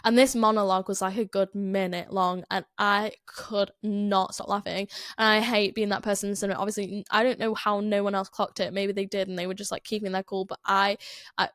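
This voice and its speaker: A woman's voice: medium pitch, little pitch movement, a little fast, fairly bright tone, no room sound, studio quality. A young woman with a Northern English accent, hosting a podcast in a rambling, chatty way full of fillers and restarts. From Northern England. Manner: chatty, rambling, many "like" fillers, self-interrupting. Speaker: podcast host. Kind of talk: casual chat.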